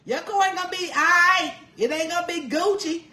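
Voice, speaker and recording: A woman's voice: extremely high pitch, moderate pace, sharp tone, reverberant. A woman demonstrating home cooking, folksy and chatty, calling the viewer honey and laughing often. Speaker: home cook vlogger. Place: home kitchen.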